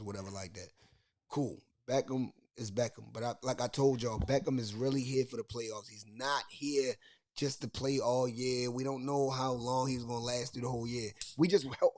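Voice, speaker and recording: A man with a Baltimore accent hosting a casual sports podcast, talking in animated bursts, repeating himself and restarting his sentences. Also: mid-range voice. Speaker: podcast host.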